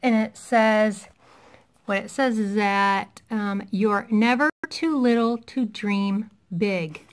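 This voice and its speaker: A woman's voice: mid-range voice, slow pace. A woman in her thirties, a parent, chatting through a shopping haul in a casual vlog, enthusiastic and gushing, losing her voice a little. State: losing her voice, clearing throat. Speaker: vlogger showing a shopping haul.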